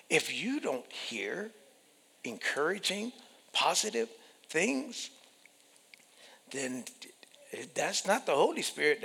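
A man preaching a sermon, emphatic and animated, repeating phrases and acting out the voices he quotes. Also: on the high side, creaky, breathy edge. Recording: long hall reverb.

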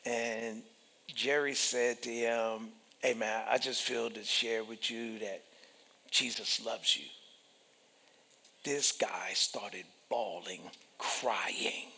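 A gravelly man preaching slowly, with deliberate pauses. His voice rings out in a church hall with long reverb, and he drops to whispers and then rises to shouts. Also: fairly low pitch, steady tone. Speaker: pastor. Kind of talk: sermon.

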